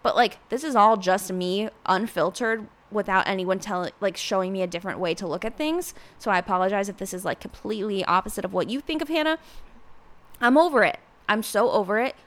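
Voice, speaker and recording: A woman's voice: medium pitch, animated, fast talker, hardly any pauses, fairly bright tone. A young adult woman hosting a casual solo podcast, talking in a chatty way full of "like" fillers and acting out quotes. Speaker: podcast host.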